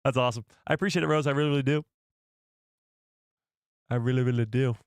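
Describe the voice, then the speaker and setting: A man hosting a live stream, chatting casually with his audience in an excitable, rambling way. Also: medium pitch, fast, clean tone, no echo, studio quality. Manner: excitable, rambling, talks to the chat.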